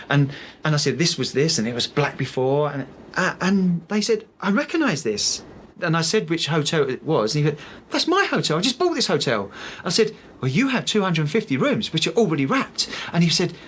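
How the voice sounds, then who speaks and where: A man's voice: mid-range voice, a bit bright, slight background noise. A man, a guest on a design podcast, telling long stories with fillers and restarts. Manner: chatty storyteller, many fillers and restarts. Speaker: sales rep for architectural film, podcast guest. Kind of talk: casual podcast interview.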